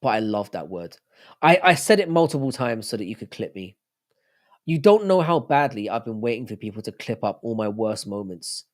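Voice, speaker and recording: A man's voice: lowish voice, sing-song, moderate pace. A man hosting a livestream, rambling, swearing and joking with his chat. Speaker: livestream host.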